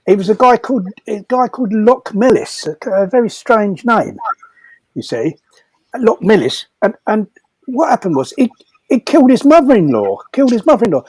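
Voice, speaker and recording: An older man spins a comic anecdote in a loose, rambling way, doubling back on his words and chuckling. His voice sits high and swings widely in pitch. The sound is dry and close. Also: sing-song, moderate pace, husky, dry recording, low-quality recording. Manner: rambling, repeats words, laughs through his stories. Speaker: storyteller at a comedy fundraiser. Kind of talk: casual anecdote telling.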